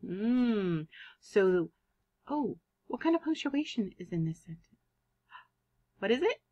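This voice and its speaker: Slow, animated kindergarten teacher woman. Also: medium pitch, muffled recording. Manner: animated, drawn-out teacher talk, sounding out words. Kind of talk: online phonics lesson for young children.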